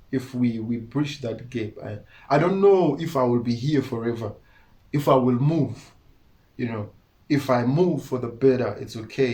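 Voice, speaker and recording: A man's voice: mid-range voice, darkish tone. A man from Malawi with a Malawian accent, talking earnestly as an interview guest and often breaking into laughter. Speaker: musician guest. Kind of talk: casual interview talk.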